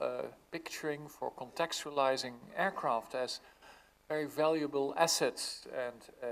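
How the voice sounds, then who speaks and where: A man moderating a seminar, thanking the speaker formally and often pausing to search for words. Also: medium pitch.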